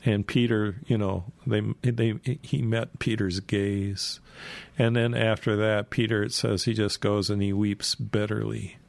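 Gravelly man casually retelling Bible stories. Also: on the low side, little pitch movement, unhurried, no echo. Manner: rambling, filler-heavy retelling.

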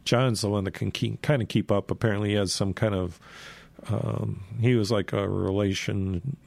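A man with a low, gravelly voice retells Bible stories in a loose, rambling way. He leans on fillers and restarts, and the sound is close and dry. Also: fairly even intonation, normal speed, a little mellow, no echo. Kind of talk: casual Bible storytelling.

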